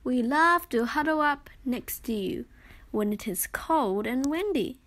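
A kind, motherly sheep from a children's storybook, as a woman reading aloud puts her on. Her voice is high and soft, with slow, comforting phrasing. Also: animated, heavily acted.

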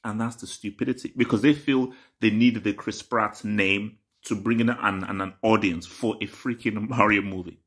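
A man's voice: fairly low pitch, fairly even intonation, normal speed, hardly any pauses, a bit bright. A man giving an indignant, emphatic commentary rant in a casual vlog.

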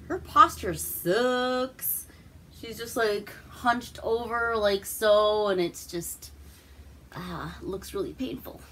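A woman's voice: mid-range voice, a bit bright, a little hiss or hum. A woman from Alaska hosting a casual movie recap, rambling, swearing and laughing as she goes. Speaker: host.

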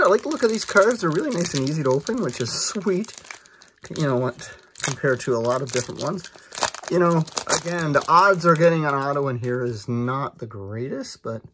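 A man chatting excitably as he opens trading card packs, rambling with fillers and quick asides. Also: mid-range voice, slight background noise. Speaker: card collector vlogger. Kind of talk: casual card-opening commentary.

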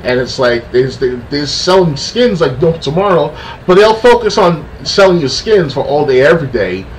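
A man's voice: on the high side, very animated, moderate pace. A man ranting on a casual podcast, frustrated and rambling, stumbling and restarting often. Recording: distant mic with faint background noise.

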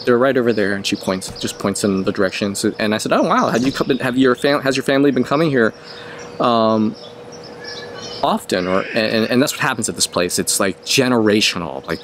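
A man's voice: on the low side, slight background noise. A middle-aged man telling a personal story in a casual, rambling way, often restarting and correcting himself. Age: 50s.

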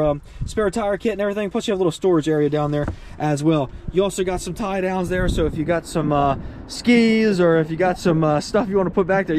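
Casual male car reviewer, high-pitched, folksy and upbeat, recorded outside with light background noise. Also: a little mellow. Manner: upbeat, folksy, chatty with fillers and little laughs.

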